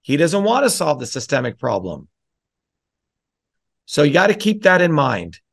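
A man's voice: a little high, big pitch swings, normal speed, gravelly. Blunt, preachy man lecturing a crowd. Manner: blunt, preachy, repeats "okay?" and "right?". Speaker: town hall host. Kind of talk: lecture to a live audience.

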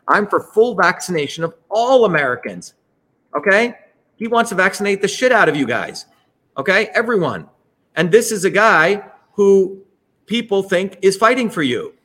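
A man hosting a political livestream, giving a heated, profane speech that rises to shouts. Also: high voice. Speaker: host.

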